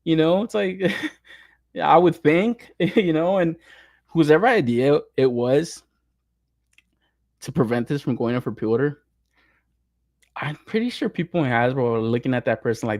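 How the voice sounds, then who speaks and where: A man's voice: fairly high pitch, animated, a little slow, long pauses, darkish tone, no echo, studio quality. A young adult man hosting a podcast, ranting casually with lots of swearing and laughter. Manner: profane, laughing rants. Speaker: podcast host. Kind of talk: casual chat.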